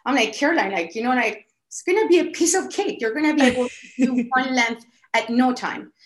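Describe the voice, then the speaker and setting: A woman telling a story casually on a podcast, animated and full of "like" fillers. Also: sits high, a little fast. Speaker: podcast guest. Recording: echoey room.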